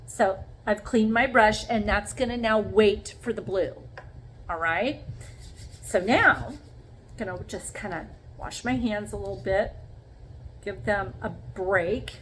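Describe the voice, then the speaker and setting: A woman's voice: medium pitch, slow pace, fairly bright tone, slight background noise, poor audio. A woman demonstrating sponge painting in a casual craft vlog, talking viewers through each step and checking in with them often. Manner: chatty, talks viewers through each step with frequent "okay?". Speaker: craft vlogger.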